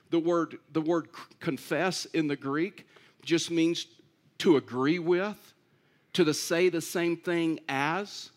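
A man's voice: on the high side, takes it slowly. A man preaching a sermon in an earnest way, repeating key phrases and rising to emphatic pleas. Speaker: pastor.

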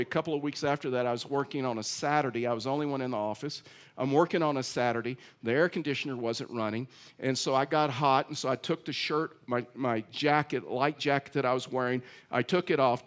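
A male pastor with a smooth, medium-pitched voice preaches a sermon. He tells personal stories conversationally, with self-deprecating humor.

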